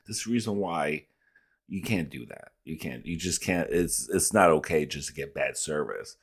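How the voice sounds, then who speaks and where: A man's voice: rumbling low, normal speed, breathy edge. A man hosting a reaction video, talking in a blunt, profane, casual way.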